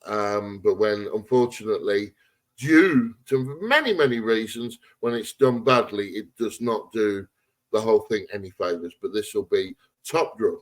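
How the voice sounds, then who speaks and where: A man's voice: lowish voice, lively intonation, moderate pace. A man co-hosting a wrestling podcast, giving blunt opinions with frequent laughs and restarts. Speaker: podcast co-host. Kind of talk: casual wrestling chat.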